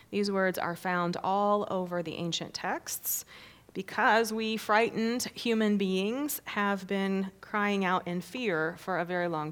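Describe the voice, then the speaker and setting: A woman preacher giving a sermon, reading scripture expressively, with rising swells and hushed drops. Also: medium pitch, clear, resonant tone.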